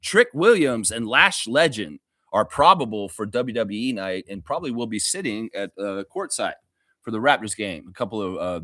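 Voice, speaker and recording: A man's voice: on the low side, lively intonation, normal speed, pushed and bright, dry recording, studio quality. A man hosting a sports fan livestream, ranting heatedly and sarcastically with a lot of swearing, then easing into laughing, loose chat. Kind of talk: profane ranting fan commentary.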